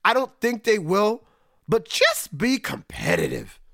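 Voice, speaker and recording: High-voiced animated male sports podcaster. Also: unhurried, vocal fry, no echo, clean studio sound. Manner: animated, swings between high excitement and low, resigned asides. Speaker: podcast host. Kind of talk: solo sports podcast commentary.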